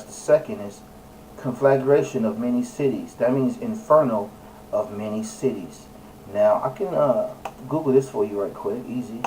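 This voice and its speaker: A man's voice: medium pitch, mellow, far from the mic, slight background noise, poor audio. A man giving a casual scripture talk, preachy and emphatic, with many fillers and self-corrections as he reads and searches online. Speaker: religious video presenter. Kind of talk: casual scripture teaching while reading aloud and searching online.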